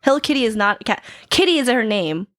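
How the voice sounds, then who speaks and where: A woman chatting casually as a podcast guest in a playful, giggly way. Her voice sits a little high. The studio sound is dry and close. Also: big pitch swings, quick pace, a bit bright, no room sound.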